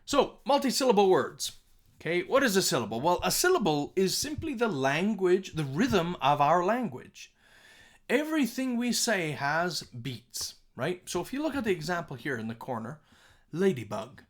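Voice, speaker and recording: A man teaching a music composition lesson, repeating words aloud to show their pitch and often checking in with "okay?". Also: moderate pace. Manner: animated, sing-song emphasis. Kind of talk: recorded classroom lesson.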